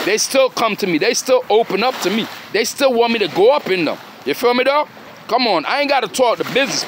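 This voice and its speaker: A man's voice: sits high, fairly bright tone, a little hiss or hum. A man delivering an aggressive, profane ranting monologue to the camera, repeating himself and calling listeners "dog". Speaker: vlogger.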